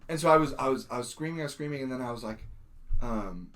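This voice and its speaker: A young adult man telling a story in casual podcast chat, acting out quotes with sudden shouts. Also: medium pitch, lively intonation, fast. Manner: many fillers and restarts, laughing. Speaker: podcast host.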